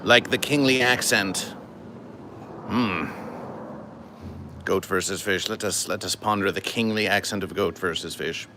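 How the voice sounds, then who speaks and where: Bright-voiced deadpan man streaming. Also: lowish voice, a little slow, a little hiss or hum. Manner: deadpan, stilted formal phrasing, refers to himself in third person. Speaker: livestream host. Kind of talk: comedic livestream monologue to chat.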